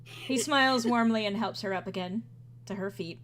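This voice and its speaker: A woman narrating as game master in a tabletop role-playing session, chatty and animated, often laughing. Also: medium pitch, moderate pace.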